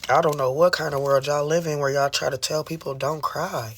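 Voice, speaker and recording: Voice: mid-range voice, steady tone, brisk, fairly bright tone, a little hiss or hum. A livestreamer in an emotional, impassioned rant who swears often, fires rhetorical questions at the audience and repeats phrases for emphasis.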